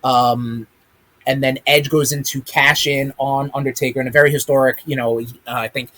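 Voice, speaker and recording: A man's voice: mid-range voice, flat delivery, moderate pace, a bit bright. A man hosting a live-streamed wrestling chat, rambling with many ums and casual swearing. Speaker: podcast host. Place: streaming room with a big chat monitor.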